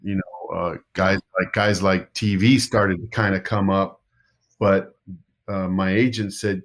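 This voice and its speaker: A man's voice: low voice, level tone, a little slow. A middle-aged man, an actor, telling rambling anecdotes in a casual interview, often restarting his sentences. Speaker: actor guest.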